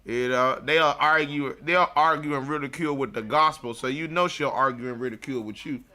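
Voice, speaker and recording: Sharp-toned man ranting bluntly. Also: mid-range voice, fairly quick. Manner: blunt, profane, mocking, laughs at his own jokes. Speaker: show host. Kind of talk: ranting livestream monologue.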